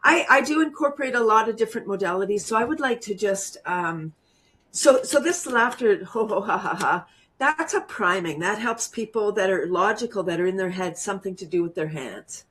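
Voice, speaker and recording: A woman's voice: mid-range voice, lively intonation, moderate pace, a bit bright. A woman teaching laughter yoga as an interview guest, bubbly and laughing often as she coaches viewers through a demo over a video call. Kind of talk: guided laughter exercise demo.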